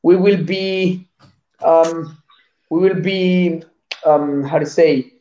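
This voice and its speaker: Italian man, non-native English, high-pitched, hesitant phrasing, muffled roomy call audio. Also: fairly even intonation, warm tone, slight background noise. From Italy. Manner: halting English with frequent pauses and searching for words. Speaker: guest, sambo athlete. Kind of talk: casual interview chat.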